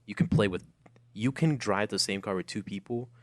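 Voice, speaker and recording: A man's voice: fairly low pitch, moderate pace, no echo. A young man co-hosting a casual podcast, joking and opinionated. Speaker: podcast co-host. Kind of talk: casual chat.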